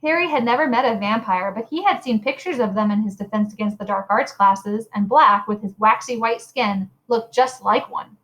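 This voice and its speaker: Expressive woman reading a storybook aloud. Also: fairly high pitch, normal speed, few pauses, poor audio. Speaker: reader. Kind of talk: audiobook reading of a novel.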